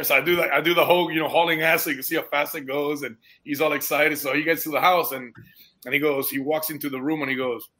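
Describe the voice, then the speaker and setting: A man, a guest and foster parent, telling a story in animated casual conversation, dropping dude and bro and getting emotionally moved. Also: on the high side, fast.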